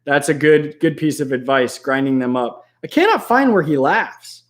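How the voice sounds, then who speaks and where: A man's voice: a little high, expressive, normal speed. Rambling man chatting on a live stream. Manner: rambling, laughs often, slips into goofy voices. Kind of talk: casual live-stream chat.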